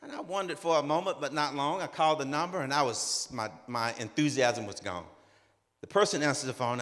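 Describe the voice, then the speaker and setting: Older male conference speaker, vivid storyteller, crisp bright tone, long hall reverb. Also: a little high, fairly quick. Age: 60s. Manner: animated, acts out dialogue in his story. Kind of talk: personal storytelling talk.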